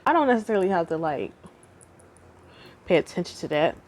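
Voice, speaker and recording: A woman's voice: fairly low pitch, a little fast. A young adult woman casually telling a personal relationship story to her viewers. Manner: casual, animated storytelling, addresses viewers directly. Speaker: vlogger. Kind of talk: storytime chat.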